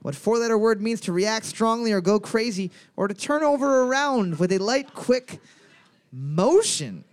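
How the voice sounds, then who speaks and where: A man hosting a casual comedy quiz, playful and quick to laugh, drawing out his questions. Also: high-pitched, animated. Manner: playful, drawls questions slowly, laughs often. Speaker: quiz host.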